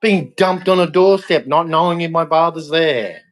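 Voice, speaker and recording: A man's voice: on the high side, normal speed. An angry young Australian man in a heated, repetitive rant aimed at a politician. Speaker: vlogger.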